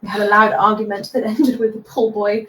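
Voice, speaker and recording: A woman player, teasing and bossy, sits away from the mic in an echoey room. Her voice is slightly high, and faint noise hums behind her. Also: level tone, fairly quick, fairly bright tone, recorded from a distance. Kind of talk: casual tabletop role-play.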